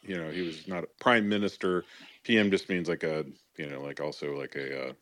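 A man's voice: low voice, fairly even intonation, brisk, a bit bright, dry recording. A man co-hosting an online chat, talking casually with many fillers. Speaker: podcast co-host.

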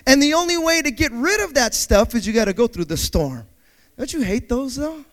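A man's voice: very high-pitched, sing-song, moderate pace, a bit bright. A man preaching a sermon and telling a personal story, speaking directly to his congregation with dramatic delivery and playful sound effects.

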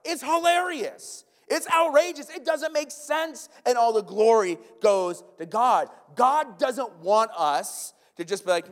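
A man preaching a sermon in a church sanctuary, animated, with stumbling restarts and repeated words. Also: very high-pitched, slow. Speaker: pastor. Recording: long church hall reverb.

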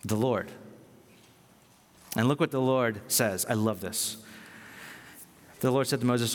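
A man preaching a sermon in an animated way, often jumping into loud quoted voices. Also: on the high side, a little slow, long pauses, long reverb tail. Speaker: pastor.

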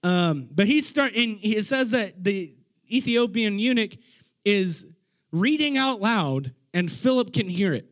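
Telling Bible stories in a casual sermon, this man sounds enthusiastic and slangy, frequently starting his sentences over. His fairly high voice has lively intonation and an unhurried pace.

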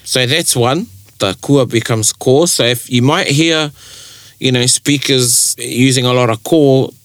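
A man with a New Zealand Māori accent, chatting casually about language and telling stories with lively quoted voices. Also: medium pitch, a little slow, dry recording. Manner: animated storyteller who acts out quoted speech. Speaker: te reo Māori speaker in discussion. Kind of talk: casual chat.

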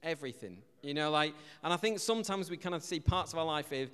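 A young Englishman gives a chatty, humorous sermon, slipping into animated little stories and playful asides to the congregation. His voice sits a bit high for a man. It rings out with a long hall reverb around it. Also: fast talker, hardly any pauses, smooth. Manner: chatty, jokey, animated storytelling with shouted asides. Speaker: preacher. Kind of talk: casual sermon with jokes. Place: church hall.

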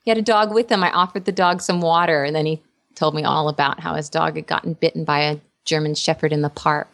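A woman's voice: low-pitched, fast talker, creaky, no echo. Chatty, laughing woman storyteller. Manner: chatty, animated storyteller who laughs often. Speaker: actress and voice performer. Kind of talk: casual interview chat.

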